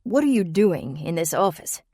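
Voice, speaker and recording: A woman voicing a wary male office worker who asks blunt, probing questions, her voice low and dry. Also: very animated, normal speed, dark tone, dry recording. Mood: suspicious.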